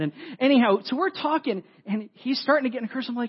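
High-voiced animated pastor. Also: male voice, fast, few pauses, breathy edge. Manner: animated, self-deprecating storyteller with asides to the congregation. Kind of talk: sermon storytelling. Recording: dull lo-fi audio.

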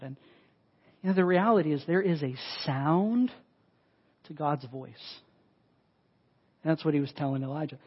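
High-voiced man preaching a sermon. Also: lively intonation, measured pace, pauses often, husky, muffled recording. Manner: conversational and emphatic, with frequent "like". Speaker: pastor.

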